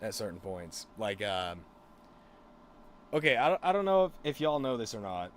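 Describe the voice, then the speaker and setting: A man's voice: fairly low pitch, sing-song, normal speed, slight background noise. A man streamer rambling through a crude, casual story with lots of fillers.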